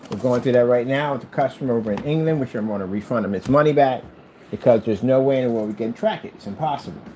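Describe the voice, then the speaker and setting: A middle-aged American man vlogs at home off the cuff, talking fast in a mid-range, mellow voice. He's blunt and combative as he talks about running his small business, and there's a little hiss or hum in the audio.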